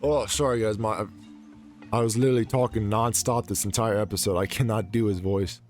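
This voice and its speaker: A man's voice: on the low side, steady tone, fairly quick, darkish tone. A man rambling and joking his way through a game with a sore, worn voice. He swears casually and talks nonstop into a desk mic, with faint game music playing behind him. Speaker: gaming channel host. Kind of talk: casual let's play commentary.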